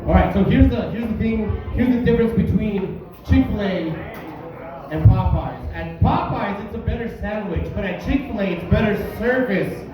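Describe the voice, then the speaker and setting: A man hosting a bar comedy night, joking loudly with the crowd as he introduces comics. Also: high voice, normal speed, lo-fi sound, over music. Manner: loud, joking crowd work. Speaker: comedy show host. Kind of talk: stand-up emcee banter. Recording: echoey distant room recording with crowd.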